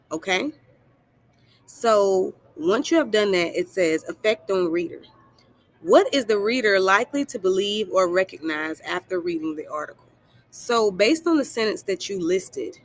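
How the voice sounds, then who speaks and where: Woman, teacher, recorded lesson, mid-pitched, quizzes then answers, encouraging. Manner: asks questions then answers them; encouraging, affectionate toward students. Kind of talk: recorded screen-share lesson.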